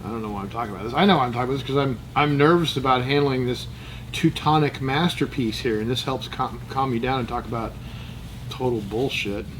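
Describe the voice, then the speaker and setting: A medium-pitched American man talks fast as a channel host, casually chatting while he takes apart and cleans a gun. He thinks aloud, mutters to himself, and jokes in rambling tangents as his hands work. The recording is rough, with a little hiss or hum.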